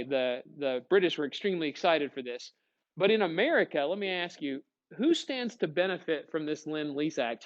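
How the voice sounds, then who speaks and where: Energetic high-voiced male history teacher. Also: muffled recording. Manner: energetic, asks questions to the class. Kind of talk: classroom lecture.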